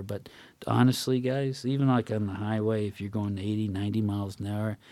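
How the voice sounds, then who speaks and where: A man's voice: on the low side, darkish tone, no room sound. An older man, a guest on a casual talk show, telling racing anecdotes in a rambling way with chuckles. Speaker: guest, retired racing crew member. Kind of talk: casual storytelling.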